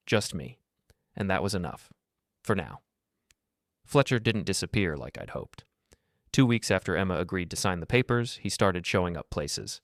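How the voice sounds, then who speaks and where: A man with a lowish voice narrates a first-person story. His delivery is flat and detached, and the recording is dry and close. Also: dry recording.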